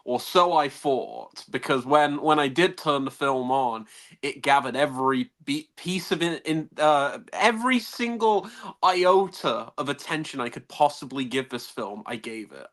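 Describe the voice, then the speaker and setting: A man in a casual film podcast chat, rambling and animated, restarting sentences and laughing often. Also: on the high side.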